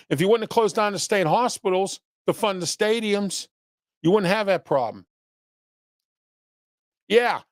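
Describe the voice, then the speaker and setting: A man's voice: high voice, no room sound, clean studio sound. A man hosting his own commentary show, scolding his audience bluntly with rhetorical questions and repeated "okay?", often rambling. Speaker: host of a local commentary show. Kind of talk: opinion commentary, reading viewer chat.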